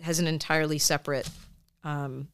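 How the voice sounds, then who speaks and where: Brief: low, smooth-voiced woman, podcast co-host, chatty and rambling. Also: steady tone, moderate pace, fairly bright tone. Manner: chatty, rambling with many fillers and restarts. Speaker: therapist. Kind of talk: casual chat.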